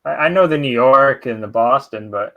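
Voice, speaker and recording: A Canadian man with a clear Canadian accent co-hosts a sports betting podcast. He is laid-back and swears freely, and he gets excitable. The sound is muffled, like a low-quality mic. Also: moderate pace. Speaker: podcast co-host. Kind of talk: casual live betting podcast chat.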